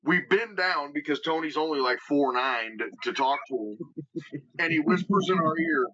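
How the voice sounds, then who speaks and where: A man with a Midwestern American accent, guest on a podcast, telling stories in an animated, emphatic way and acting out what others said. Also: on the high side, normal speed. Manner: animated storyteller, emphatic, acts out quotes. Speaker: guest wrestler. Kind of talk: casual storytelling interview. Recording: dull lo-fi podcast audio.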